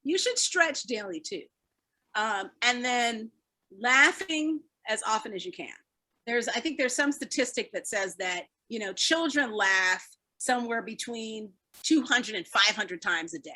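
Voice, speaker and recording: A woman presenter with a high, bright voice leads a wellness workshop. She talks in an upbeat, encouraging way and breaks into laughter often. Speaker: fitness speaker leading a wellness talk. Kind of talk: live online wellness workshop.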